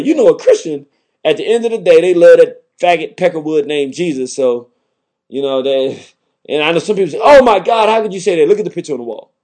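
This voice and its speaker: A man's voice: a little high, a little mellow. A man hosting a talk program, delivering a combative, emphatic monologue. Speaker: radio talk host. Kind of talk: impassioned monologue.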